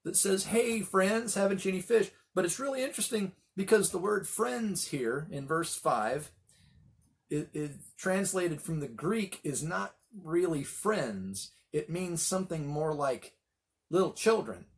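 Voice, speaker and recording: A middle-aged man leading a Bible study, telling the story with animated voices for the quoted lines. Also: on the high side, a little slow, vocal fry. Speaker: pastor.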